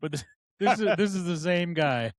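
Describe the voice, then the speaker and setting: A man's voice: high voice, expressive, normal speed, no echo. An older man co-hosting a podcast, casual chat with short dry replies and free swearing. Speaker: podcast co-host.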